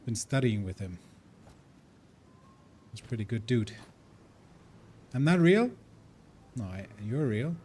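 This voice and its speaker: A man's voice: fairly low pitch, moderate pace, pauses often, mellow, a little hiss or hum. Man streaming a game. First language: German. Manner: chatty, rambling, thinking aloud. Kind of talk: casual live-stream chat while gaming. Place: living in India.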